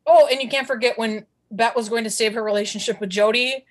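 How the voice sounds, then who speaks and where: A woman's voice: on the high side, fairly even intonation, fast talker. Chatty Midwestern woman podcaster. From southeastern Wisconsin. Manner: chatty, enthusiastic, repeats words for emphasis. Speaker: podcast co-host. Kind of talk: casual chat.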